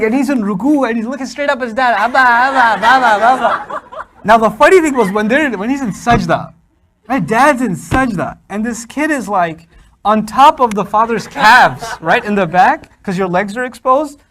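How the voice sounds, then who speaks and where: A man speaker telling funny stories in a lecture, animated and acting out the people he quotes. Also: extremely high pitch, moderate pace, slight background noise, low-quality recording. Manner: animated, acts out quoted voices. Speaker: Islamic speaker. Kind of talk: humorous lecture storytelling.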